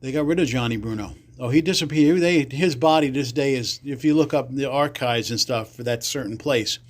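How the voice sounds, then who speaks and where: A man tells old neighborhood stories as a podcast guest. His voice sits at an average pitch but shoots up when he acts out what others said. He swears freely and keeps an easy, conversational flow. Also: brisk. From the Bronx, New York. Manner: acts out quoted voices with big jumps in pitch, salty language. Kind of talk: casual storytelling.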